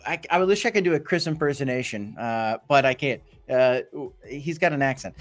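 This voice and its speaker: A man's voice: mid-range voice, expressive, moderate pace, soft background music. Rambling man streaming crypto commentary. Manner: rambling, with many fillers and restarts. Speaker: crypto channel host. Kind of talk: casual livestream market commentary.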